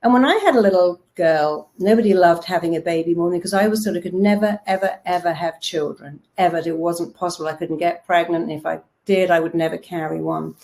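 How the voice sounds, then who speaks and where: A woman's voice: fairly low pitch, brisk, few pauses, darkish tone. A middle-aged woman hypnotherapist giving a motivational talk, telling stories emphatically and acting out what people say. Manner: emphatic storytelling, acting out quotes.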